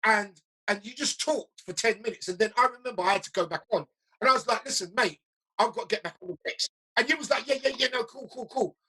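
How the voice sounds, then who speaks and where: A middle-aged man with a bright, husky voice. He tells stories in a relaxed chat, slips into the voices of the people he quotes, and often repeats himself as he goes. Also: sits high, fast, rough recording. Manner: lively storyteller, acts out quotes, repeats himself. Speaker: interviewer, DJ. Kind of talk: casual conversation.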